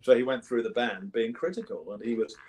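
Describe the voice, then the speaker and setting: A brisk, slightly mellow mid-range voice belongs to an English musician in his seventies. Interviewed as a guest, he talks casually and tells rambling stories he keeps restarting.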